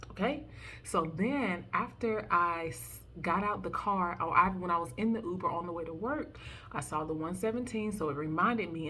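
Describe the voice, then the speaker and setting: A woman's voice: lowish voice, moderate pace, sharp tone, a little hiss or hum. A young woman, telling a personal faith story in a chatty way full of fillers, now and then rising into fervent pleading. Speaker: prophetic faith vlogger. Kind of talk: personal testimony and devotional talk.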